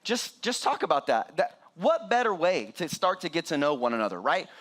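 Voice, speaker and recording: A middle-aged man preaching a sermon as pastor, animated and joking with the congregation. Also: on the high side, moderate pace.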